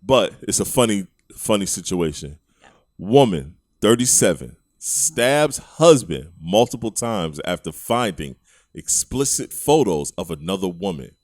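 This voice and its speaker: A man's voice: low voice, sing-song, measured pace, no room sound, studio quality. A man co-hosting a podcast, telling stories in casual slang and laughing often. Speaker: podcast co-host. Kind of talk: casual chat.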